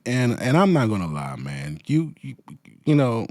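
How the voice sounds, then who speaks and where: Male host, swears a lot, animated delivery, dry close mic. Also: mid-range voice, moderate pace, dry recording. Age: adult with children. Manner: profane, slangy, heated. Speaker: commentary host. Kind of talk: ranting commentary.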